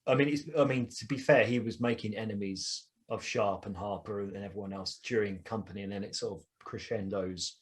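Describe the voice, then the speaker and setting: A man with an Essex accent hosting a podcast, talking in an excitable, rambling way with many restarts. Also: lowish voice, fairly quick, few pauses, slightly rough. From Essex, England. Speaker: podcast host. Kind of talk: casual podcast chat.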